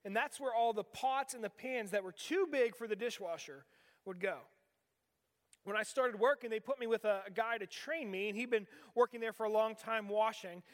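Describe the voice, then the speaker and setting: Man preaching, very high voice, conversational sermon, rhetorical questions, long hall reverb. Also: normal speed. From western Pennsylvania. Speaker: pastor.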